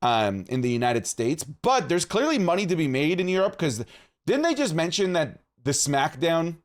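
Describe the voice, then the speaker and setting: A lively man from Canada who chats excitedly on a podcast. His voice sits a little high and swoops up and down as he talks. He keeps throwing in "dude" between his points. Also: normal speed. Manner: animated, excitable, says "dude" a lot. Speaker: podcast co-host. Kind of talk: casual chat.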